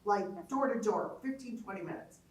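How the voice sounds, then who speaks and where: A woman's voice: medium pitch, moderate pace. A woman telling a chatty, self-deprecating story about her commute. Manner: chatty, self-deprecating, drops softer at the end. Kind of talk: casual storytelling. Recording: echoey room, mic far off.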